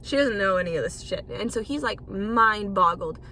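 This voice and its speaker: Bright-voiced chatty young woman podcaster. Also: medium pitch, lively intonation, normal speed, slight background noise. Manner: chatty and rambling, swears freely. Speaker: podcast host. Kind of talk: casual solo podcast monologue.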